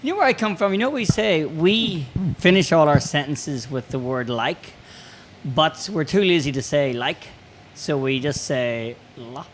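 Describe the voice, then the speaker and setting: A man's voice: on the high side, animated, normal speed. A man with a Northern Irish accent hosting a podcast, chatting in a jokey way, laughing often and swearing now and then. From Northern Ireland. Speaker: podcast host. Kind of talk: casual podcast chat. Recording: faint background noise.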